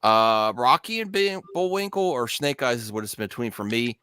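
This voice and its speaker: A man's voice: medium pitch, expressive, normal speed, bright, forceful tone, clean tone, no echo, clean studio sound. A man on a movie panel, talkative and teasing, thinking aloud as he goes. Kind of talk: casual group chat.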